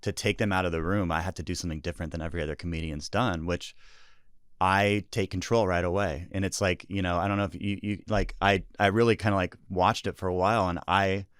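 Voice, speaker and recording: A man who is a comedian, talking as a podcast guest in a rambling, reflective, deadpan way. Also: deep voice, quick pace, clean tone, no echo, clean studio sound. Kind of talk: casual podcast chat. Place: podcast studio.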